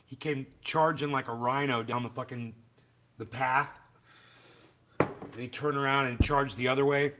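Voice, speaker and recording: A man's voice: medium pitch, fairly even intonation, moderate pace, pauses often, fairly bright tone, a little hiss or hum. A man hosting a livestream, ranting bluntly and profanely and chatting with his viewers. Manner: chats with viewers in the live chat. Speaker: livestream host. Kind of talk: casual livestream rant.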